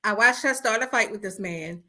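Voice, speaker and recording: A woman's voice: medium pitch, moderate pace. A woman hosting a podcast in casual chat over an internet call, telling stories with animation and acting out what people said. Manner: animated storyteller who acts out quotes. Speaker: podcast host. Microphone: remote call over the internet.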